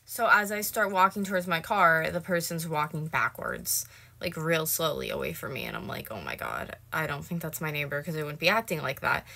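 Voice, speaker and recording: A woman's voice: low voice, sing-song, a little fast, creaky, bright, forceful tone. A woman in her late twenties telling a story to camera in a casual vlog, swearing and heated. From North America. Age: late 20s. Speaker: vlogger.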